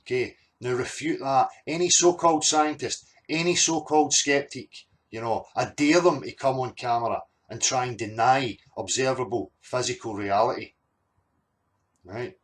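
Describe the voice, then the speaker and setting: A man talks straight at his audience, arguing hard and repeating himself as he presses a point. His voice sits at an ordinary middle pitch, and he keeps leaning on fillers and emphatic jabs. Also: moderate pace. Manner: argumentative, repetitive fillers, emphatic. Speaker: channel host. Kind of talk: monologue reacting to clips.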